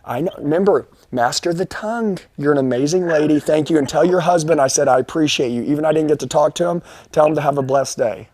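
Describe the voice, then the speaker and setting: A man making a persuasive sales pitch over the phone, pushy and reassuring, repeating his promises. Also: quick pace, hardly any pauses, a little mellow, no room sound. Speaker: sales trainer on a live sales call.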